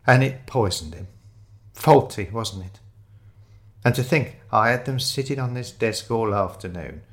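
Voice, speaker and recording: A man's voice: lowish voice, animated, unhurried. A man voicing a motherly middle-aged woman receptionist who is tearful and chatty and calls people ducks and dear.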